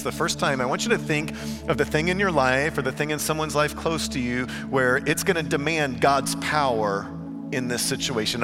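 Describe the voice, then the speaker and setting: A middle-aged man preaching a sermon, moving between hushed, earnest tones and lively storytelling. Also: medium pitch. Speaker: pastor.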